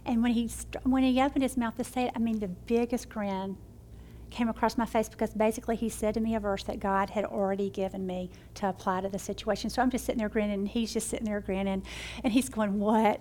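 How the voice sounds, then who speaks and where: A woman's voice: fairly high pitch, fast talker, slight background noise. A middle-aged woman, telling a faith story and leading a prayer in a devotional teaching. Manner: warm storytelling, shifts between excited and hushed. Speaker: Bible study teacher.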